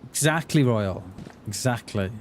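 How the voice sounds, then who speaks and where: Here a man with an expressive mid-range voice talks unhurriedly while gaming on stream. He trades playful jokes with chat, and a little background noise can be heard.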